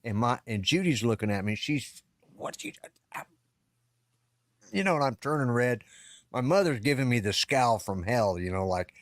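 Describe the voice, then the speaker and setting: A man's voice: medium pitch, animated, a little fast, dry recording, studio quality. A middle-aged or older man, co-hosting a podcast, telling a long rambling story in a casual way, stopping and restarting as he goes. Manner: rambling, self-interrupting storyteller. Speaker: podcast co-host. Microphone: live-stream call setup.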